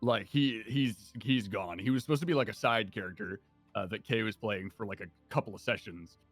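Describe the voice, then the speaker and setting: A man's voice: lowish voice, brisk, dry recording, soft background music. A young man on a stream, chatting with friends about their tabletop game and telling a story with lots of laughs and swearing. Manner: laughs often, swears casually, tells anecdotes. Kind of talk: casual group chat.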